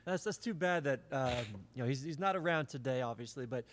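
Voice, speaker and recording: A male podcast host who chats casually with a guest. He talks quickly in short bursts. His pitch moves a lot, so he sounds lively. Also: a little hiss or hum. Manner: brief reactions, quick remarks. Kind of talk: casual chat.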